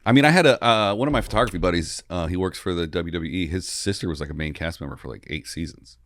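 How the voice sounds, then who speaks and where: A man with a low voice hosts a podcast, chatting quickly in a relaxed, easygoing way. He agrees a lot with his guest, and his dry studio mic keeps him close. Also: dry recording. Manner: relaxed, agreeable, frequent "yeah, dude". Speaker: podcast host. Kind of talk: casual podcast chat.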